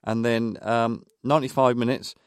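A man's voice: mid-range voice, flat delivery, normal speed, clean tone, no echo. Rambling man reminiscing, dry sound. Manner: rambling, reminiscing with many fillers. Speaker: podcast co-host. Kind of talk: casual football chat.

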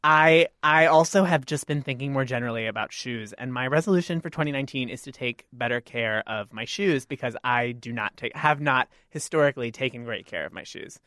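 A man's voice: mid-range voice, brisk, hardly any pauses, pushed and bright, dry recording. A man co-hosting a podcast in casual chat, making dry, wry quips. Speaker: podcast co-host.

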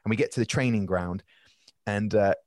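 A man in his twenties or thirties, a podcast guest, telling long rambling anecdotes in casual chat with animated restarts and quick asides. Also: lowish voice, dry recording.

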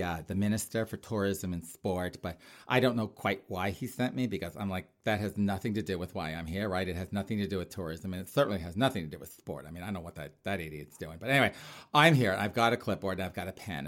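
A man's voice: low voice, a bit bright, voice pushed down. A man voicing a fussy, catty male government official with a clipboard, who mutters whispered asides.

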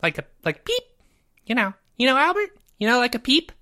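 A woman's voice: on the high side, very animated, fairly quick, bright, forceful tone. A woman voicing a goofy, boastful young male podcaster who rambles and stammers and insists he never cries. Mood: silly. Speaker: podcast co-host. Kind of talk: comedic podcast banter.

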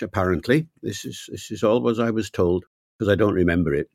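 An older man from Wales, a linguist guest in an interview, telling anecdotes in a reflective, measured way. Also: on the low side, a little mellow, no echo, studio quality. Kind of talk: relaxed interview storytelling.

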